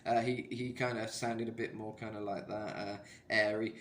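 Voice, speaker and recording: A man's voice: fairly low pitch, level tone, normal speed, fairly bright tone, echoey room, slight background noise. A man coaching singing in a casual, rambling way, full of "kind of" and filler sounds. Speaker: vocal coach. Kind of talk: casual singing tutorial talk.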